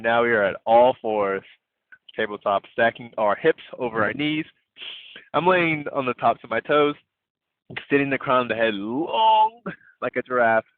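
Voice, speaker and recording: A man leading an online yoga class, gently cueing breaths and poses in a playful way. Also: lowish voice, no room sound. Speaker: yoga instructor. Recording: tinny phone-like audio, dry.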